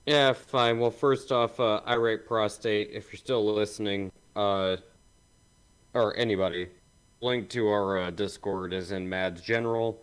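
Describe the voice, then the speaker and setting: A man's voice: lowish voice, fairly even intonation, unhurried, clear, resonant tone. A man on a group stream reading movie reviews aloud in casual banter, with hesitant fillers. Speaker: stream co-host.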